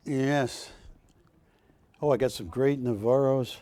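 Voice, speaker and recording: A man's voice: mid-range voice, steady tone, slow pace, dark tone, no room sound. Chatty jokey shopping channel host man. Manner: chatty, jokey, rambling asides to crew. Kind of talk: live TV sales pitch. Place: TV studio.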